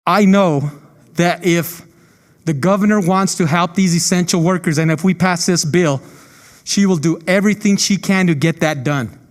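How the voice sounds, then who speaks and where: High-pitched male senator, fervent and emotional, long reverb of a chamber. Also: moderate pace. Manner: passionate, emotional, rhetorical. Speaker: state senator. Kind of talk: impassioned floor speech.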